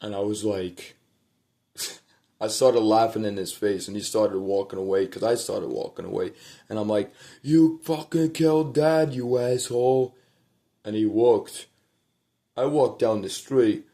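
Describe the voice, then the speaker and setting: A man telling a personal story to the camera at home at night, rambling and profane, repeating himself and trailing off into quiet murmurs. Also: lowish voice, fairly even intonation, moderate pace, vocal fry.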